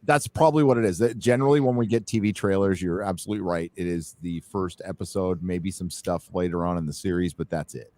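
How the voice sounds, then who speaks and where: A man's voice: deep voice, fast talker, few pauses, warm tone. An American man hosting a live-stream chat, talking in a blunt, rambling way with casual swearing. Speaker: host.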